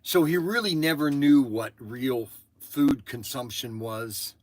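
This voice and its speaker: An older man hosting a livestream, telling a family story in a halting, rambling way full of restarts and asides. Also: medium pitch, slight background noise. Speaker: livestream host.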